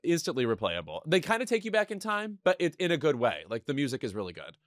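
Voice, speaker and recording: A man co-hosting a podcast in casual, campy, quick-witted banter, also reading ads. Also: on the high side, wildly swooping pitch, dry recording, studio quality. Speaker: podcast co-host. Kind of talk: casual chat and ad reads.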